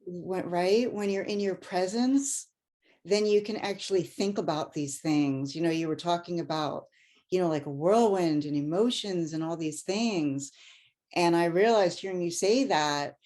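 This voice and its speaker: Slow, gushing woman hosting a panel. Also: lowish voice, a little mellow. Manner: effusive, gushing. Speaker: conference host. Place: online video conference.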